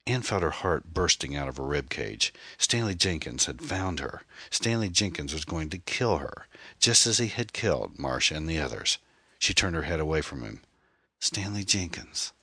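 A man narrates a mystery audiobook in a steady, suspenseful manner. His voice sits very low, husky and forceful. The recording is dry and close. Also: moderate pace, no room sound.

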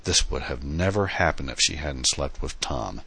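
A male audiobook narrator with an extremely deep, husky voice, reading in a steady, earnest way. His tone is forceful and tense, and the recording is dry and close with no room sound. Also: normal speed.

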